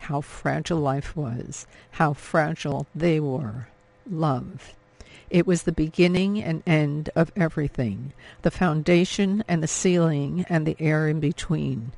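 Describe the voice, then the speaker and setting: A man narrating an audiobook in a measured, emotive reading. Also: fairly high pitch, vocal fry, darkish tone. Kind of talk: scripted narration.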